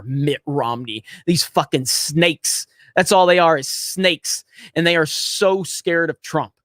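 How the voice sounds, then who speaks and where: A man's voice: a little high, a bit bright, no echo, studio quality. A man hosting a livestream, ranting in heated, profane political commentary and reading out viewer chats, repeating his points for emphasis. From Florida.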